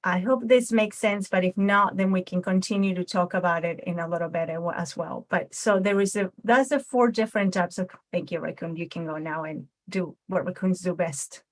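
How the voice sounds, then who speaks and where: A woman's voice: fairly low pitch, moderate pace, few pauses. A woman instructor explaining communication styles with a puppet demonstration, checking in with frequent tag questions.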